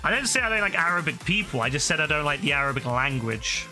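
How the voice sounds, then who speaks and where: Young man, very bright tense voice, slightly high, blunt and sweary, game music behind. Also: very animated, fast. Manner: blunt, swears freely, rambling. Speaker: gaming streamer. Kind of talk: casual chat while gaming.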